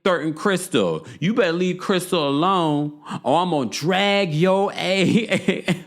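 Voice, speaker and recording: A man putting on the voice of a loud, scolding older mother who threatens a woman over gossip. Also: sits high, lively intonation, slow pace, voice pushed up, exaggerated voice. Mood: threatening.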